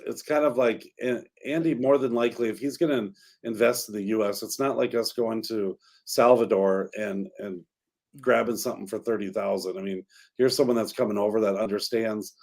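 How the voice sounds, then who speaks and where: A man who is a realtor and radio co-host, chatting casually in a studio and working through long, halting explanations. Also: fairly low pitch, darkish tone.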